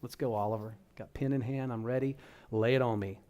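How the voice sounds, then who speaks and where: Man giving a church talk, mellow. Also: mid-range voice, steady tone, fairly quick. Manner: conversational, addresses audience directly. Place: church hall.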